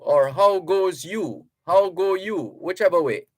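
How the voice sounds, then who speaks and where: A Jamaican man hosts a radio talk show in a studio, chatting slowly with listeners and reading their messages aloud. His voice is high-pitched and expressive, captured on a studio microphone with no echo.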